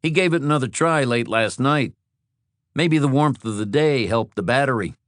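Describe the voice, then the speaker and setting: A man's voice: medium pitch, moderate pace, no room sound, clean studio sound, voice pushed up, natural voice. A man voicing a hospitable male motel owner who talks in an obliging, chatty way.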